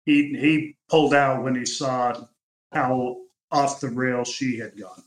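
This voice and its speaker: An older man speaking as a podcast guest, measured and reflective, often restarting his sentences. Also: medium pitch, fairly even intonation. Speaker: podcast guest, uncle of the family. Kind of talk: reflective interview talk. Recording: echoey room.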